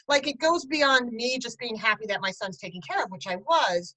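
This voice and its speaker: A middle-aged woman tells her story with animated, chatty energy. Her voice sits fairly high, and she breaks into laughter at times as she talks with an interviewer. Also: fairly quick, few pauses, rough recording. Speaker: guest, parent and writer. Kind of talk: conversational interview.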